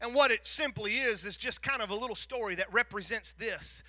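High bright preacher. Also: male voice, fairly quick, dry recording. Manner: swings from quiet asides to shouted preaching; folksy, quotes scripture. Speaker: pastor. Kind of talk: sermon.

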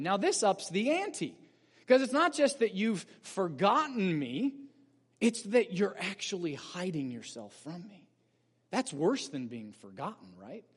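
A man's voice: high-pitched, big pitch swings, measured pace, husky. A man, a pastor, preaching a sermon in an earnest, explanatory way and rising in emphasis on key points. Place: church sanctuary. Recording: long church reverb.

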